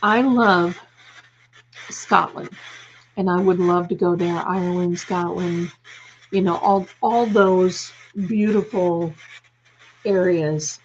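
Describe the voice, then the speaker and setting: Talking slowly and pausing often, an American woman in a fairly low, fairly even voice reads comments on her home live stream and calls viewers darling with affection. The highs are cut off and there's slight background noise.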